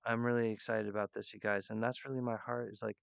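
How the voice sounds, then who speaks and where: A man rambling earnestly and emotionally to his viewers, halting often with restarts and fillers. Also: on the low side, level tone, gravelly, smooth, dry recording, muffled recording. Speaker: artist addressing viewers. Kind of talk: rambling direct-to-camera monologue.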